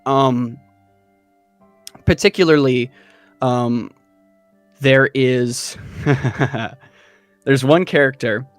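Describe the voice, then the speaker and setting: A man narrating as game master of a tabletop game, talking in an unhurried, halting way with many fillers. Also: medium pitch, no room sound, soft background music.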